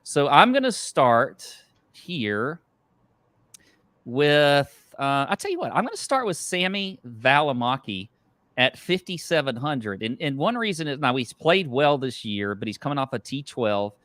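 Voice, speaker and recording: A man's voice: medium pitch, sing-song, measured pace, a bit bright, no echo. A man co-hosting a golf betting podcast, talking in a loose, rambling, chatty way. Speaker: podcast co-host. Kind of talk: casual golf betting chat.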